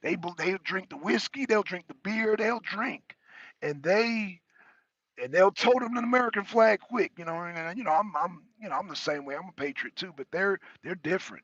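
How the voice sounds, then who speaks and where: A man chatting loosely as a talk show panelist, animated and profane, often laughing and repeating words. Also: high voice, normal speed, husky, no room sound, muffled recording. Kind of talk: casual chat.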